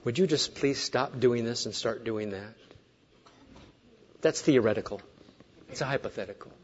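A pastor in his sixties preaches a sermon in a mid-range voice at normal speed, captured with lo-fi sound. He alternates between hushed asides and raised, emphatic points, wandering into joking digressions.

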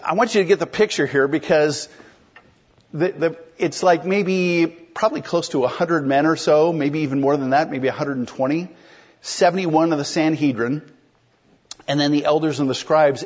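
A man's voice: a little high, highs cut off. A man preaching an expository sermon in a conversational way, explaining a text and putting questions to the congregation. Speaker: pastor.

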